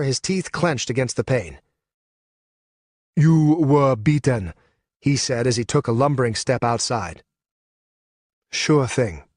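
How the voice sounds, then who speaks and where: A man narrating a fantasy audiobook with a dramatic, expressive reading. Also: medium pitch, no room sound, clean studio sound.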